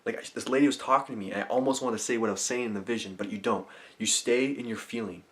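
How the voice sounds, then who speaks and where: A self-help vlogger talks to camera through its built-in mic, demonstrating a guided visualization technique. He has a medium pitch and talks fast, explaining in eager, rambling bursts, then dropping to soft, murmured affirmations and laughing often.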